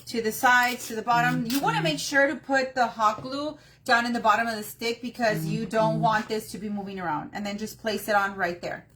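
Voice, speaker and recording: A woman's voice: fairly high pitch, a little fast, few pauses, background noise. A woman hosting a live craft tutorial on her phone, chatting and greeting viewers by name between steps. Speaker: craft workshop host.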